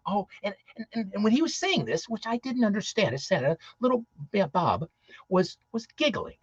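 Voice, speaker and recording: A man's voice: sits high, sing-song, a little fast, fairly bright tone, breathy edge, dry recording, lo-fi sound. A man who performs as Santa, giving a rambling, encouraging talk full of restarts and fillers. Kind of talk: casual motivational talk.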